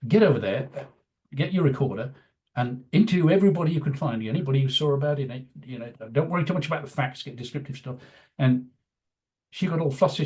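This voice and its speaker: Older male guest, rambling anecdotal storyteller, mid-pitched plain voice, casual interview. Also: fast talker, darkish tone. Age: 70s. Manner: rambling, anecdotal, many "you know" fillers. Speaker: guest, veteran news executive.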